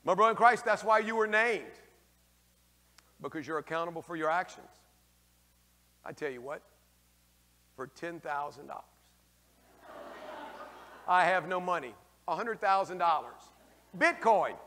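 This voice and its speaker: A male priest giving a lively, folksy homily, taking questions from the congregation and acting out the figures in raised voices. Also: a little high, moderate pace, long pauses, long reverb tail. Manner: folksy, slangy asides. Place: church.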